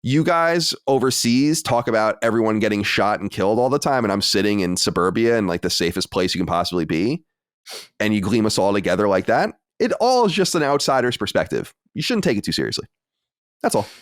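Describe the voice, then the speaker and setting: A man, co-hosting a podcast, talking in a rambling, profane, animated way with many restarts. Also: fairly low pitch, brisk, no room sound, studio quality. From United States. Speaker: podcast co-host. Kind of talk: casual chat.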